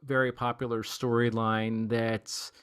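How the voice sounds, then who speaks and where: Male podcast host, relaxed and chatty, asking the guest questions. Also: medium pitch, a little slow, clear, resonant tone. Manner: easygoing, chatty, with self-deprecating asides. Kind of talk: casual interview chat.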